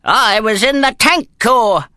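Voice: medium pitch, slow pace, pushed and bright, smooth, no echo, clean studio sound, voice pushed up. A reader voicing a rambling, proud old grandfather who was once a soldier, in an audiobook. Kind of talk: audiobook character voice.

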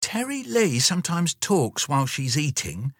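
A man's voice: fairly high pitch, very animated, moderate pace, breathy edge, no room sound, studio quality, pitched above the performer's own voice, full character voice. A man voicing a worried mother who speaks hurriedly, in a storybook reading. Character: anxious mother, eager to please.

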